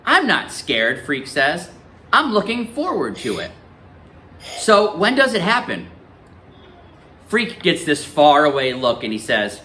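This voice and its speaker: Male teacher, reading aloud to a class, animated, bright tone. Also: on the high side, takes it slowly, long pauses. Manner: lively, questioning students.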